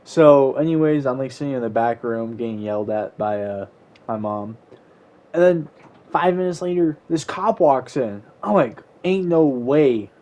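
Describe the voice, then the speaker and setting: A man's voice: mid-range voice, expressive, normal speed, a little mellow. A young man casually telling a story time while gaming, rambling with lots of "like"s. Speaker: YouTuber.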